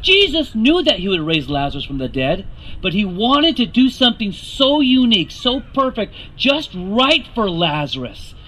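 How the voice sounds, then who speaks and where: A man's voice: high-pitched, big pitch swings, moderate pace, sharp tone, poor audio. A man preaching a sermon, earnest and rising to emphatic questions to the congregation.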